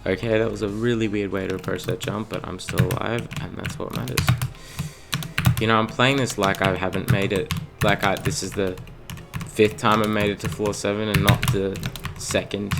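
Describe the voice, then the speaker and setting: A young man commentating his own gameplay in a self-mocking, excitable way, at a home computer. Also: lowish voice, normal speed, creaky, very noisy. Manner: self-mocking, excitable, with sudden yelps and gasps. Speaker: let's play host. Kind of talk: gaming commentary. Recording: loud game music behind the voice. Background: loud game music.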